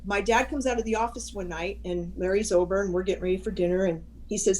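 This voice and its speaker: Older woman telling a lively story. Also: medium pitch, fast, poor audio. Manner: animated storyteller, acts out quoted voices, frequent restarts. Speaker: guest chaplain. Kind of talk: personal storytelling in an interview.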